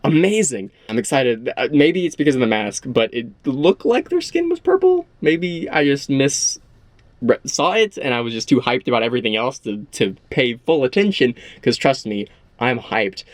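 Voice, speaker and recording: A young man talking excitedly and rambling about a show he loves, repeating how good it is. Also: medium pitch, normal speed, dry recording. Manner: gushing, rambling, repeats himself. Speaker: show reviewer. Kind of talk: excited casual episode discussion.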